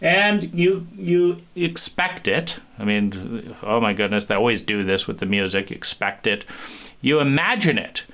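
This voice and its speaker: A man giving an animated talk, acting out small scenes and restarting phrases often. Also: medium pitch, unhurried, gravelly. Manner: animated, acts out little scenes with many restarts. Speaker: speaker. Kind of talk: lecture.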